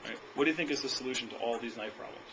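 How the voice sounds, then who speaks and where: A young man in a noisy room running a sales training demo, talking fast and energetically and ending his points with "okay?". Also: medium pitch.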